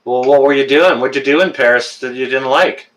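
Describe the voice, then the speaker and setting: A man's voice: medium pitch, fairly quick, fairly bright tone. A Canadian man in his fifties chatting casually with viewers on a live stream, joking and teasing, with frequent fillers and restarts. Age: 50s. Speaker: livestream host.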